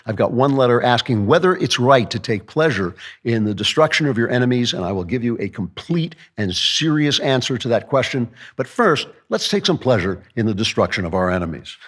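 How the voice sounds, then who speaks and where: A man's voice: medium pitch, sing-song, a little fast, hardly any pauses, fairly bright tone. Male host, wry and sarcastic, monologue delivery. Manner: sarcastic, joking asides. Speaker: podcast host. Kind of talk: comedic political monologue.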